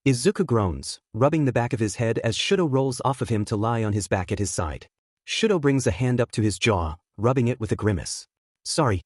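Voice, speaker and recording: A man narrating a fan fiction story aloud in a steady, even storytelling manner. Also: mid-range voice, fairly quick, no echo, studio quality. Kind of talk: audiobook reading of fan fiction.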